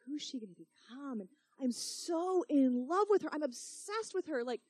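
A woman's voice: sits high, dark tone, no room sound. A young woman preaching through a personal story, talking in a casual, emotional way full of "like" and "you know". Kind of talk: sermon storytelling.

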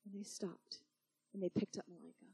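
A woman voicing God as a loving father who asks her calm, searching questions. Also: medium pitch, fairly quick, husky, no room sound. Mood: tender.

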